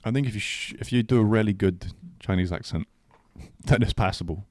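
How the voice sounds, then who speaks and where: A young man co-hosting a podcast, joking around in a relaxed, rambling way with lots of fillers. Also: lowish voice, fairly quick. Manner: laid-back, joking, trails off with fillers. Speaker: podcast co-host. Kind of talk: casual chat.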